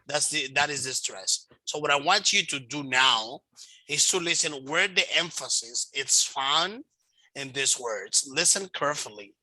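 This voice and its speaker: A man teaching an English lesson online, slow and patient, explaining step by step. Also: fairly high pitch, lively intonation, bright, forceful tone, dry recording, poor audio.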